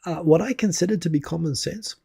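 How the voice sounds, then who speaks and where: A man's voice: fairly high pitch, fairly quick, vocal fry, dark tone, husky, no room sound, studio quality. A man from New Zealand hosting a casual live stream, talking through news and reading viewer comments in a chatty way with many restarts. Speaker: live show host.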